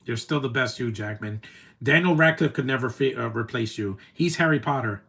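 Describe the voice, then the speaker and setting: A man with a rough, gravelly voice chats through a movie on a live stream. He rambles and gushes like a devoted fan, sounding choked up and teary. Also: medium pitch, brisk, a bit bright. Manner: gushing, emotional, rambling fan talk. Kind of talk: casual reaction commentary.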